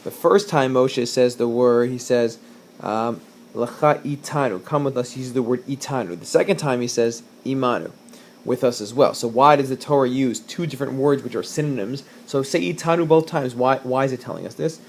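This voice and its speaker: A male teacher with a gravelly edge to his mid-pitched voice walks through a text, reading Hebrew verses aloud and translating them phrase by phrase. His delivery is casual, with fillers and restarts. A faint hiss sits under the recording. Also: moderate pace. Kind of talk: recorded whiteboard lesson.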